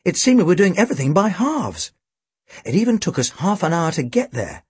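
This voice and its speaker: A man narrating a storybook with a dry, wry, expressive delivery. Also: sits high, brisk, husky, no echo. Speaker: audiobook reader.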